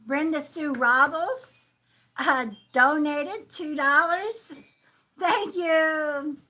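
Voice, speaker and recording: A woman hosting a live-stream psychic reading, speaking softly and affectionately, calling viewers sweetheart and sometimes dropping to a whisper. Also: sits high, slow pace, rough recording. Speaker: psychic medium and livestream host.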